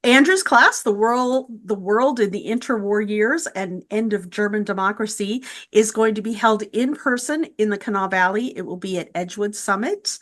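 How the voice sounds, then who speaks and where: A woman's voice: mid-range voice, a bit bright. A woman hosting a virtual meet and greet, friendly as she introduces speakers and reads out class dates. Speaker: event host. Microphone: video call.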